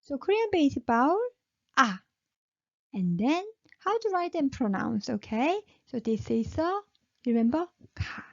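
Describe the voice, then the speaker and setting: A woman's voice: sits high, very animated, moderate pace, vocal fry, no echo. A woman teaching a language lesson, who repeats each syllable patiently and keeps checking in with "okay?". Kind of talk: slow spoken lesson with repeated drills. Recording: dull, muffled lo-fi sound.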